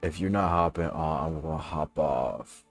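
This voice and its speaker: A man's voice: extremely low pitch, normal speed, faint music behind. A young man streaming a game, chatting casually with a friend in slangy jokes, and getting tired. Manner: joking, slangy, tired toward the end. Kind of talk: casual gaming chat on stream.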